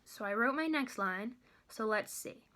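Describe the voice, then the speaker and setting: Young woman, college tutor, home lesson for kids, slow careful syllable sounding, bright tone, fairly high voice. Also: expressive. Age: young adult. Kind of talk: kids' lesson video.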